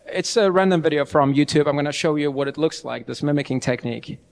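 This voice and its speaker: A young man giving a lively, chatty IELTS training talk to a live audience, often restarting his sentences. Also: fairly high pitch, fast, creaky. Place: large event hall. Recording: long hall reverb.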